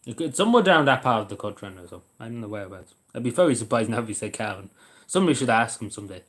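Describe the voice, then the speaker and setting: A man's voice: mid-range voice, very animated, rapid-fire, a bit bright. An Irish man chatting casually on a livestream, rambling and hesitant, swearing now and then.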